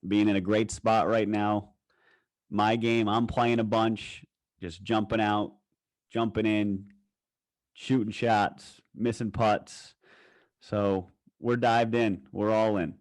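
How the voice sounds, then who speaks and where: A man's voice: lowish voice, little pitch movement, slow pace, no room sound. A young man co-hosting a casual golf podcast, hyped and rambling, swearing now and then. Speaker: podcast co-host.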